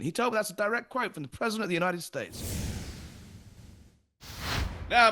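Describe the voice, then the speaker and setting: A man working as a political journalist and show host, talking briskly and emphatically as he relays quotes from an interview. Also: high voice, sharp tone. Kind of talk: energetic news talk.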